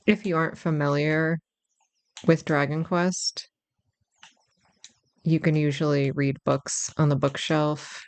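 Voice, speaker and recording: Gravelly and slow, with little pitch movement and frequent pauses, a medium-pitched voice delivers casual let's-play commentary on a role-playing game. The commentator thinks aloud in a self-deprecating way. No room sound is audible.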